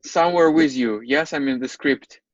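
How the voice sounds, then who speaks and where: A woman's voice: extremely low pitch, normal speed, no room sound. A woman interviewer who gives brief reactions and asks short follow-up questions in a casual interview. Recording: dull, lo-fi recording.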